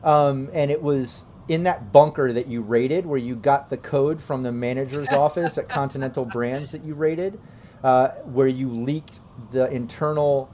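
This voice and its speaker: Man, game master, relaxed rambling narration, medium pitch, faint noise. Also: unhurried.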